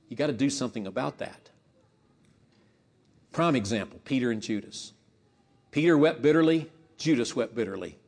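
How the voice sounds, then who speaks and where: A man preaching a sermon with impassioned delivery, rising to emphatic peaks and dropping low, leading a spoken prayer. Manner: leads a spoken prayer to God.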